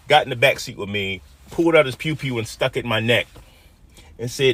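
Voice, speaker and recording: A man in his fifties from Detroit recounts a personal story in a mid-pitched, ordinary voice. His telling is emotional and dramatic, swinging between hushed, low moments and loud, heated ones. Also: brisk. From Detroit, USA.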